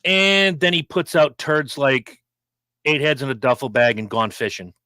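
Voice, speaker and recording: A man's voice: mid-range voice, moderate pace, pushed and bright, no room sound. A man co-hosting a casual podcast chat, blunt and jokey as he tells stories. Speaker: podcast co-host.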